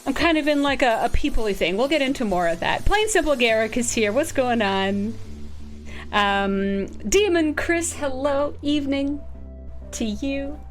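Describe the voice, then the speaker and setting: A bubbly woman streamer with a high voice, chatting at an unhurried pace. She greets her audience by name with excited gasps and laughs. Faint music plays behind her. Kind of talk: casual live-stream chat.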